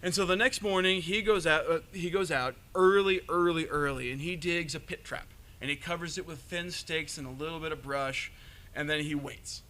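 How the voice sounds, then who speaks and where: Bright, animated male storyteller. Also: on the high side, normal speed. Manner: animated, jokey retelling with fillers. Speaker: panelist storyteller. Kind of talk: live storytelling to an audience. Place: convention panel room.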